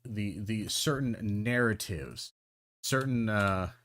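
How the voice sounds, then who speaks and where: A man's voice: on the low side, takes it slowly, a bit bright, no echo. A man giving casual, rambling video commentary, full of ums, restarts and the odd swear word.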